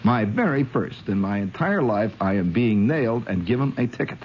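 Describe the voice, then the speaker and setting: A man from Indiana spins a long, rambling yarn, chuckling as he goes and turning to the listener with little asides. His pitch swoops lively up and down, and a faint room hum sits under his voice. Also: normal speed, low-quality recording. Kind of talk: spoken storytelling monologue.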